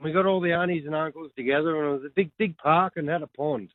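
A man's voice: on the high side, fast talker, no room sound. An Australian man in his forties calling in to radio, telling a cheeky story in a laid-back way. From New South Wales, Australia. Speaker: caller. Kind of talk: storytelling phone call. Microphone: phone line. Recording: dull phone line.

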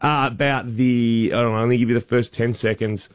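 A man's voice: mid-range voice, steady tone, brisk, no room sound, clean studio sound. An Australian man co-hosting breakfast radio, easygoing and laid-back in casual banter. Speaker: radio co-host.

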